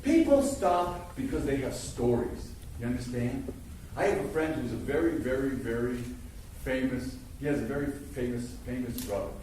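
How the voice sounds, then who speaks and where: An older man teaching acting before an audience, an animated storyteller who stammers and restarts and bursts into loud impressions. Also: mid-range voice, normal speed, slight background noise. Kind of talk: lively workshop talk. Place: large hall before an audience. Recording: echoey hall from far off.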